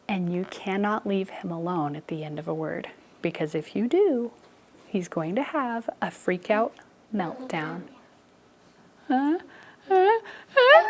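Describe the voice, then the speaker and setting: A young woman teaching an elementary phonics lesson in a classroom, telling stories and coaxing the students along in a lively, playful way. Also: medium pitch, measured pace, a little hiss or hum. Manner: animated storytelling, playful and expressive with students.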